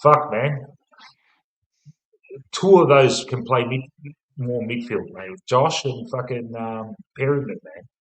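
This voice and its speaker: A man's voice: medium pitch, slow pace, pauses often, a bit bright, echoey room, poor audio. A young Australian man co-hosting a casual football chat, rambling and swearing constantly in a laid-back way. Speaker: podcast co-host.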